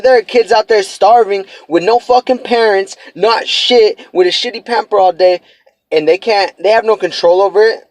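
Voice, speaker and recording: A young man in his early twenties speaks in a high, dry voice with no room sound around it. He talks in blunt, profane street slang, pushing hard with heartfelt motivation as he vlogs to his viewers. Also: normal speed, dry recording. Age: 20s. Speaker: vlogger. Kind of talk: motivational vlog talk.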